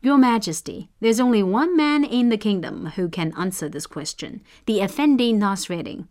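A woman's voice: medium pitch, animated, normal speed, a little mellow, lightly acted. A woman voicing a deferential male court minister in a storybook reading. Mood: respectful.

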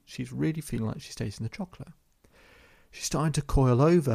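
A male hypnotherapist calmly recounts a session as a storytelling monologue, using slow, repeated phrasing. His voice is medium in pitch and gravelly.

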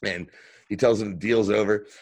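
A man co-hosting a podcast, recapping a TV episode in casual, profane, animated chat. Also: lowish voice, moderate pace, dry recording. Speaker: podcast co-host.

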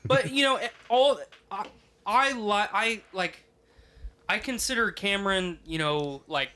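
A man's voice: high voice, a little slow, sharp tone. A man in casual chat, rambling and swearing, full of "like" and "you know".

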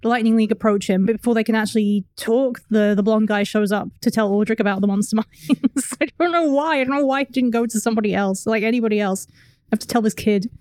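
A woman's voice: a little high, quick pace, a little mellow, no room sound, clean studio sound. Giggly woman recapping a cartoon. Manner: giggly, acts out characters' lines. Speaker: podcast co-host. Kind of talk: casual chat recapping a cartoon.

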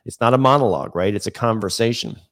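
A man co-hosting a casual professional chat, talking loosely and thinking out loud. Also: lowish voice, quick pace. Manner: loose and conversational, with many fillers and restarts. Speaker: dental podcast co-host.

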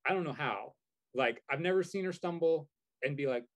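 A man's voice: on the high side, normal speed. A man telling a story in casual chat, rambling with many fillers and restarts. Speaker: guest.

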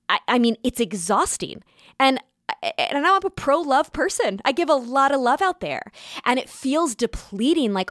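A woman hosting a podcast, giving an earnest, animated monologue in a casual, conversational way. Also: on the high side, no room sound, studio quality. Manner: animated, earnest, talks with her hands. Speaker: podcast host.

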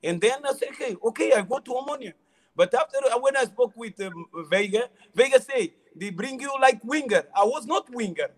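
A middle-aged former footballer who speaks halting non-native English, repeating words and laughing often as he tells stories in a casual interview. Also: very high voice, expressive. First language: not English.

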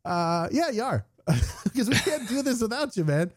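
A man's voice: high voice, very animated, a little slow, no room sound, studio quality. Joking, swearing American man. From United States. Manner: profane, joking, self-deprecating. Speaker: podcast co-host. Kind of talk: casual chat, reading listener feedback. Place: home, remote call.

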